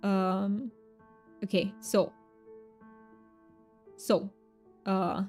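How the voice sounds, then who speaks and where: A woman's voice: mid-range voice, little pitch movement, very slow, darkish tone, faint music behind. A woman streamer in casual live chat with her viewers, chatty and rambling, often correcting herself mid-sentence.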